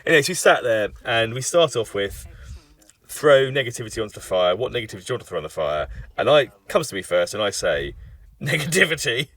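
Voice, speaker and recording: An Englishman chatting through a film commentary, spinning an embarrassing story against himself. His pitch swings widely as he acts out the moments. The talk stays loose and conversational. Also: fast talker, distant mic. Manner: self-deprecating anecdote telling, lively voice shifts. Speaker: film writer giving commentary.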